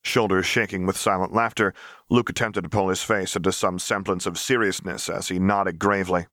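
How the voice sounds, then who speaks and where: A man calmly reading an audiobook as narrator, in an even, storytelling manner. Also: low-pitched, a little fast, no room sound, clean studio sound. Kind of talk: scripted narration.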